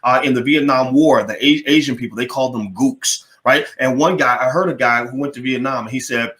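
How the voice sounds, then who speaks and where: A man's voice: mid-range voice, a little fast, few pauses, fairly bright tone. A man hosting a political commentary monologue, emphatic and repeating words as he presses his points. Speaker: commentary channel host.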